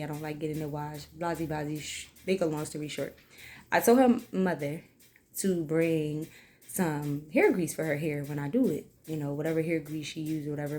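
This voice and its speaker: A woman's voice: low voice, darkish tone, slight background noise. A young woman chatting casually through a hair tutorial, rambling with lots of fillers. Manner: rambling, filler-heavy, earnest. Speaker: hair vlogger.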